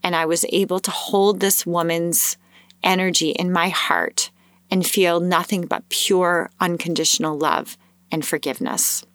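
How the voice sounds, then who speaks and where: A woman telling a personal story in a casual, animated way, acting out her own thoughts in a higher voice. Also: measured pace, no room sound. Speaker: host sharing a personal story.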